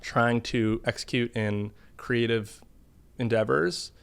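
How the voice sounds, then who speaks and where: A man being interviewed about his art, speaking in a thoughtful, halting way with frequent restarts. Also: medium pitch, steady tone, creaky, fairly bright tone, clean tone. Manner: thoughtful, halting, self-correcting. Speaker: interview guest, artist. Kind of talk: casual interview.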